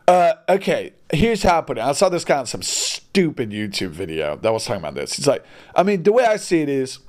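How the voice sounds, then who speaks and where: A man's voice: fairly high pitch, wildly swooping pitch, fairly quick. A man delivering a heated, blunt opinion monologue, with crude language and frequent restarts. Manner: heated, blunt, mildly profane, many restarts.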